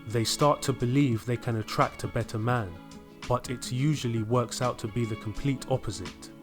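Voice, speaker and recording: Guy doing scripted commentary, calm lecturing tone, mid pitch, music under it. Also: moderate pace.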